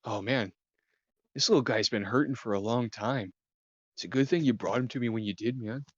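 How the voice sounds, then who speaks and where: A man's voice: mid-range voice, fairly quick, no echo, dull audio, natural voice. A man voicing a laid-back young male druid healer who talks with an easygoing drawl and keeps saying "man". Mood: soothing.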